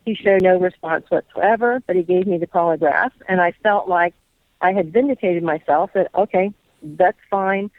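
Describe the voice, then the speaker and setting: A woman's voice: on the low side, normal speed, no echo, phone-quality sound. A woman guest on a radio interview, earnestly telling a long personal story and quoting what people said. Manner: earnest, recounts dialogue at length. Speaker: guest, whistleblower.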